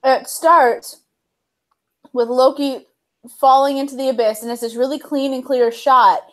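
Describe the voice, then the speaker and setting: A woman's voice: high voice, steady tone, unhurried, a bit bright. A young woman chatting on a livestream while she edits video, telling stories with lots of laughs and quoted lines. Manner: bubbly storyteller, laughs often, acts out quotes. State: chewing cookies. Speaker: livestream co-host. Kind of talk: casual chat while video editing.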